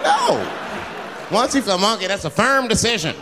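A man doing a stand-up comedy routine, telling a story in street slang, acting out characters and breaking into loud outbursts. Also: high voice, animated, quick pace, noisy background. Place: live comedy venue. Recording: live club set with audience laughter and long reverb.

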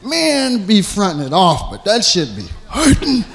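Animated, profane male stand-up comic. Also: high voice, measured pace. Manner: profane, loose storytelling; slips into mimicked voices of himself. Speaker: stand-up comedian. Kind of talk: stand-up comedy routine.

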